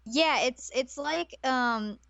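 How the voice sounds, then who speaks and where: A woman co-hosting a casual podcast, throwing in quick teasing quips and laughing often. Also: high-pitched, creaky, a bit bright, no room sound, highs cut off. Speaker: podcast co-host. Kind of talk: casual chat.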